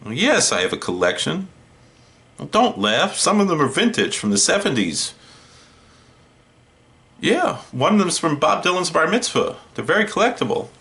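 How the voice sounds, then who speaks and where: A man hosting a horror movie show, doing a comedic one-sided phone call in a deadpan, wry way. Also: fairly high pitch.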